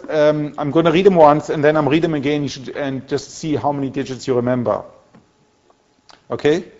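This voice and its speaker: A man's voice: fairly high pitch, darkish tone, muffled recording. A man giving a university lecture in a conversational way, with many restarts and fillers as he corrects himself. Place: lecture hall.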